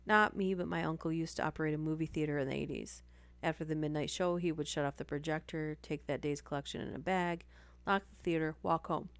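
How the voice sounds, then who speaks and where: A woman's voice: sits low, fairly even intonation, fairly quick, smooth, no room sound. A woman hosting a live stream, reading stories aloud and breaking off for chatty asides and apologies.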